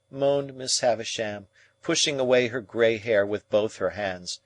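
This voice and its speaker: A man reading a classic novel aloud as audiobook narrator in a measured, expressive way. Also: fairly low pitch, no echo.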